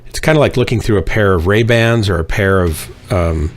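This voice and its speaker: Middle-aged guy streaming, rambly and jokey, lowish voice. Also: a little fast. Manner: joking, rambling, self-mocking. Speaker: streamer hosting a game stream. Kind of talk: casual chat.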